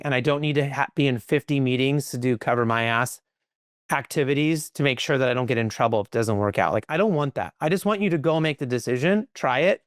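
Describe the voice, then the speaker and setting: A man, a podcast guest, telling stories in a lively conversational way, full of "like" and "right?". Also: medium pitch, no room sound, studio quality. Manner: animated, quick, peppered with "like" and "right?". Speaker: podcast guest, company leader. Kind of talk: conversational storytelling.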